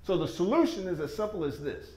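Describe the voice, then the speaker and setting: A man's voice: high-pitched, expressive, a little fast, a little mellow. A man giving an enthusiastic, folksy sales presentation with slides to a seated audience. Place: meeting room with audience. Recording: echoey room.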